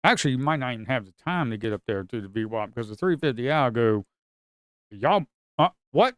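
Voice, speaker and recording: A man, commenting live on his own futures trades. He swings from shouting at the market to muttering to himself. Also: medium pitch, lively intonation, a little fast, clear, resonant tone, no room sound, clean studio sound. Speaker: live trading streamer.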